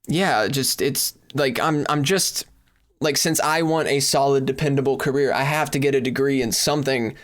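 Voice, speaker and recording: Speaking at a moderate pace in a mid-range voice, a young man on a podcast complains in exasperation. The casual rant is full of swearing, and he occasionally moves away from the mic.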